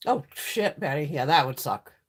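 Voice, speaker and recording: Woman, middle-aged, husky, lively up-and-down pitch, profane casual chat. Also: moderate pace. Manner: profane, blunt storytelling, reads chat comments. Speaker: livestream host. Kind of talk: casual live-stream chat.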